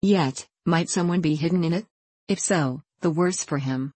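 Woman voicing a frightened old carpenter, low and dry, mumbling. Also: moderate pace, mellow, slightly rough, no echo. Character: old male carpenter, jittery and easily frightened.

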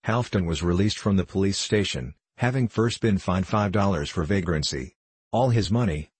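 A man giving scripted narration of a classic novel in a measured, literary storytelling manner. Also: low voice, breathy edge, no room sound. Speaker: audiobook narrator.

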